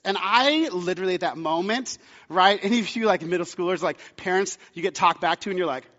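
A man's voice: sits high, fairly quick, a bit bright, long reverb tail, highs cut off. A man in his thirties preaching a sermon as pastor, chatty and storytelling with many fillers.

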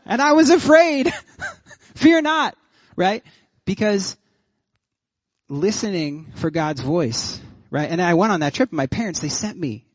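A man pastor giving a sermon, telling stories with lively energy and frequent laughter, then closing in prayer. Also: sits high, measured pace, breathy edge, no room sound, muffled recording. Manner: animated storytelling, laughs often.

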